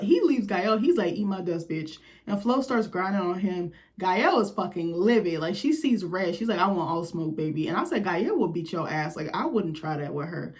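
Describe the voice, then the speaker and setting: A woman chats her way through a reality TV recap in a blunt, gossipy voice. She swears freely and laughs often, and her pitch leaps up when something amuses her. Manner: blunt, profane, gossipy commentary with quoted reactions. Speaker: recap host.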